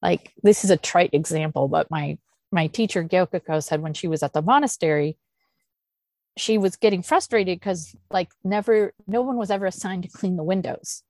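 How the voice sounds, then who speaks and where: A woman leading a meditation group discussion, thinking aloud with soft sighs and laughs. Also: on the low side, normal speed, dry recording. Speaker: Zen teacher leading a discussion. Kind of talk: unscripted dharma talk and Q&A.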